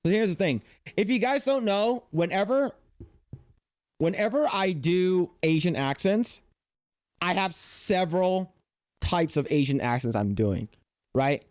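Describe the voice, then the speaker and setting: A man's voice: high-pitched, lively intonation, unhurried, pauses often, darkish tone, no echo, studio quality. A man streaming casual reaction commentary, rambling and repeating himself as he talks. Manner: rambling, repeats words, frequent laughs.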